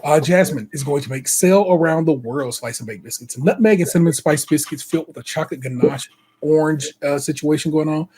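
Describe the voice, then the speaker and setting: A man's voice: a little high, a little fast, a little mellow, slightly rough. A man co-hosting a podcast, running through notes in casual, slang-heavy banter and laughing often. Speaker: podcast co-host. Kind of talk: casual chat.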